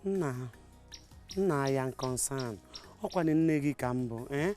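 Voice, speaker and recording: A woman's voice: a little high, very animated, a little slow, faint music behind. An actress playing a Nigerian mother who scolds and pleads with her grown son. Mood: pleading. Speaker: mother of the husband. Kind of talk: Nollywood film acting.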